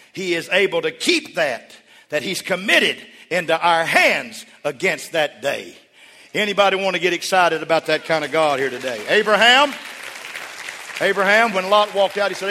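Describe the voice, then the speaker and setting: A man preaching a sermon to his congregation, who moves between quiet storytelling and shouted calls for the crowd to respond. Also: a little high, lively intonation, normal speed. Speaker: pastor. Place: large church hall with congregation. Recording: church hall reverb with congregation.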